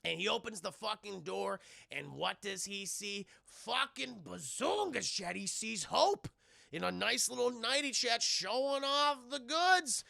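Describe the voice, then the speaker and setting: A young man excitedly recapping a horror film to his live chat, swearing freely and acting out the characters' yelps. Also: high voice, measured pace, creaky, no echo, studio quality. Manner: profane, excitable, acts out characters' lines with yelps.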